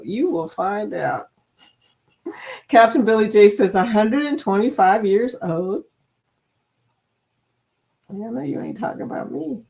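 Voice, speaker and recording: A middle-aged woman from Kentucky chats loosely on her livestream, reading viewer comments aloud and reacting to each one. She rambles from topic to topic and laughs easily, in an unhurried, conversational way. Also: medium pitch, darkish tone. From Kentucky, USA. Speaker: livestream host.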